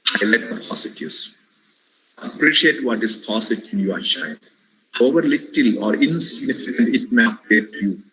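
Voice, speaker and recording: A man's voice: medium pitch, lively intonation, moderate pace, a bit bright, slight background noise, low-quality recording. Earnest, preachy man lecturing parents. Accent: Indian English. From India. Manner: earnest, preacherly, addresses listeners as "my dear friends"; emphatic repetitions. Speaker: webinar speaker. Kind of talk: impassioned lecture. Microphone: webinar headset or computer mic.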